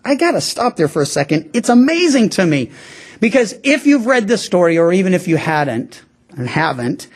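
A middle-aged man preaching a sermon in a high voice that swoops up and down with great animation. He talks to the congregation in a chatty way and acts out the voices in his stories. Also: normal speed. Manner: conversational, animated, acts out quotes. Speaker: pastor.

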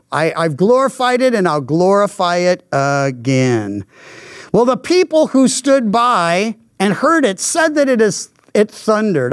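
Slow, emphatic older man preaching. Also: very high voice, no room sound, studio quality. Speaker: pastor. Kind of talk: sermon.

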